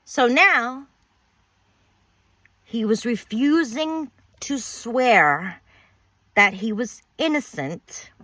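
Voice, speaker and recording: A woman's voice: fairly high pitch, expressive, very slow, long pauses, sharp tone, dry recording. A woman telling her own story of betrayal in a bitter, emphatic way, repeating words and swearing. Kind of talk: personal storytelling monologue.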